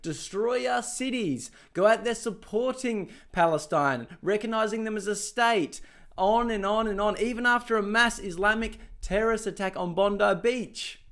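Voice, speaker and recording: An Australian man ranting sarcastically in a reaction commentary vlog, laughing often and swearing, seated at home. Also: high voice. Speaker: political commentator. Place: home dining room, seated.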